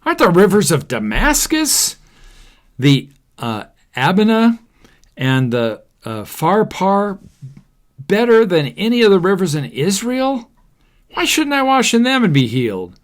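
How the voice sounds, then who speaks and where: A man's voice: huge pitch swings, measured pace, heavily acted. A man voicing a proud, angry foreign army commander who whines indignantly in a raised voice while reading a Bible story aloud. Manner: indignant, whiny, high-pitched complaining.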